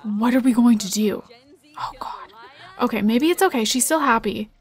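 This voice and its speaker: A young woman giving bubbly, excitable commentary while playing a life-sim game, giggling often and chatting to her viewers. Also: on the high side, brisk, husky. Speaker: gaming YouTuber. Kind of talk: Let's Play commentary.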